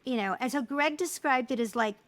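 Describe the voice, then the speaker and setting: A middle-aged woman speaking as an interview guest, telling personal stories in an animated way and acting out the voices of people she quotes. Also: high-pitched, brisk, no echo. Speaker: guest, filmmaker. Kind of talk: casual interview conversation.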